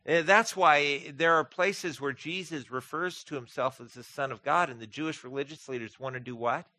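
Pastor guy preaching, bright forceful voice, goes big then drops quiet on scripture, dry close sound. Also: normal speed, dry recording. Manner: earnest preaching, rising to emphatic peaks and dropping low for quoted scripture. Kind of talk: sermon.

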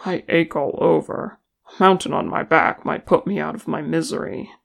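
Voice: medium pitch, normal speed, vocal fry. A reader voicing a blunt, grumbling male dwarf warrior in a fan fiction audiobook.

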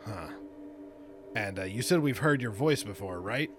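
A man's voice: fairly low pitch, expressive, a little slow, over music. A man playing a tabletop game, asking curious questions. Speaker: player. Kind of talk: casual tabletop game chat.

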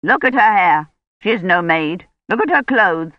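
A woman voicing a feverish, bitter old noblewoman who speaks in a sharp, raised, accusing way, in a dull lo-fi recording. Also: on the low side, animated, normal speed, no room sound.

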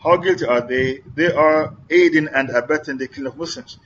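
A man's voice: a little high, fairly quick, fairly bright tone, lo-fi sound, slight background noise. A middle-aged man preaching in a question-and-answer lecture, emphatic and repetitive, firing off rhetorical questions.

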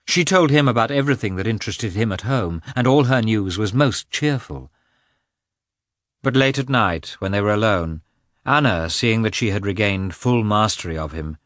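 A man reads a classic novel aloud in a low voice that rises and falls with lively expression. His delivery is measured and steady, and the recording is dry and close with no echo. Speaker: audiobook narrator. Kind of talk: scripted narration.

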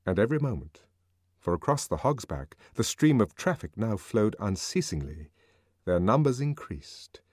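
A man narrates an audiobook in a lowish voice with a lot of movement in his pitch, reading expressively and dramatically. The sound is dry and close, with no room around it. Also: big pitch swings, normal speed, a little mellow, no room sound.

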